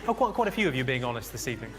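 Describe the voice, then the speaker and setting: Music plays in the background as a middle-aged Englishman races through a stand-up set, his mid-range voice swinging widely in pitch. On stage at a comedy venue, he does crowd work, teasing the audience with dry, crude humor amid loud crowd noise from the live show.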